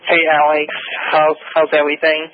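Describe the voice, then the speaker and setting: A man's voice: a little high, monotone, moderate pace, no echo. A man calling into a talk radio show, speaking hesitantly with filler sounds, over a tinny phone line. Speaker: caller.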